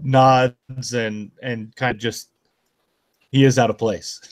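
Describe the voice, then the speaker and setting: A man playing a tabletop role-playing game, describing his character's actions in plain, halting phrases. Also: mid-range voice, level tone, no room sound. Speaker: player.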